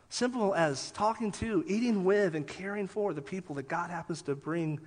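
A man preaching a sermon as pastor, telling lively stories and then dropping quiet for emphasis. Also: high voice, normal speed. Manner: animated storytelling, drops soft for emphasis. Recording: long hall reverb.

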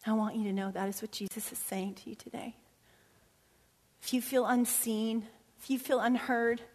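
Woman preacher, sermon and prayer, somewhat high voice, hushed-to-loud delivery, church hall reverb. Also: fairly even intonation, moderate pace. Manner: swings from hushed whispers to loud emphatic passages. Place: church sanctuary.

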